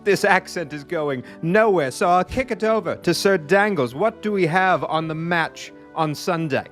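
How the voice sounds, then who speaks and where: A man putting on a pompous, upper-crust English host with an exaggerated British accent, who speaks in theatrical, flowery, mock-formal phrases. The voice sits a little high for a man. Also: expressive, normal speed, a bit bright, faint music behind. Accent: put-on British English. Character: pompous posh English male podcast host.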